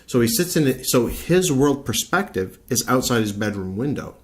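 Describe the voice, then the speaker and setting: A man's voice: medium pitch, expressive, normal speed. A man from Canada delivering an opinionated video rant as a vlogger, blunt, profane and argumentative, often repeating his points.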